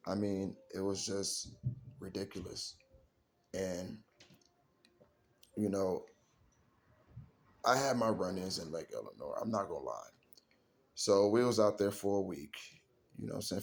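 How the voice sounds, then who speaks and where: A man's voice: low-pitched, gravelly. A man telling a casual story in a slangy way, often saying "you know what I'm saying". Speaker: storyteller recounting camp trips.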